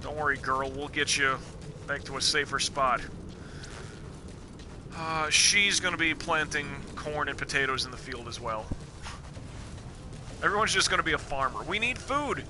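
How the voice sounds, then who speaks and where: Over game music and a noisy background, the streamer speaks in a fairly high voice at a moderate pace, pausing often. He keeps up casual let's play commentary, joking, cursing and musing aloud while he plays live.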